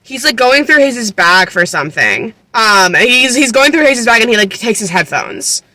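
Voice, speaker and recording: Chatty young woman with a bright voice. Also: a little high, sing-song, normal speed, dry recording. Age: 20s. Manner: chatty, filler-heavy, incredulous, swears freely. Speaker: book vlogger. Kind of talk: casual book recap commentary.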